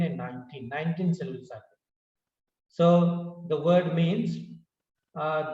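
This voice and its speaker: A man with an Indian English accent teaching a pronunciation lesson, repeating each word several times to drill it. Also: fairly high pitch. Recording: roomy, distant, dull lo-fi sound.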